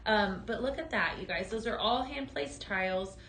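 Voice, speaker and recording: Bright-voiced woman hosting a live sale, gushing and upbeat, in an echoey studio. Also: mid-range voice, moderate pace, a little hiss or hum. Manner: gushing, upbeat sales talk; talks straight to viewers. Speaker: host of a live home-decor sales stream. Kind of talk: live product demo chat.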